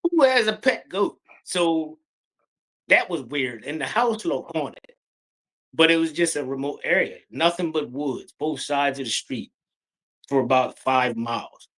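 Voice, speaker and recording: A middle-aged man from Pennsylvania telling a true encounter story in a halting, breathless, vivid way. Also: mid-range voice, fairly bright tone. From Pennsylvania, USA. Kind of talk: animated personal storytelling.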